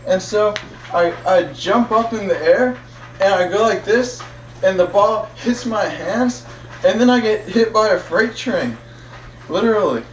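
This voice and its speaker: Young guy rambling through a story, kinda high voice, repeats himself a lot, far from the mic, echoey room, some faint noise. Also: measured pace. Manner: rambling, repetitive, chuckling. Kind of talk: casual storytelling.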